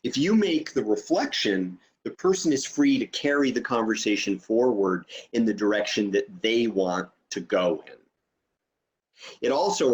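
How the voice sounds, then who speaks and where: A man with a lowish voice teaches an online training session over a video call. He explains things step by step and checks in with "okay?"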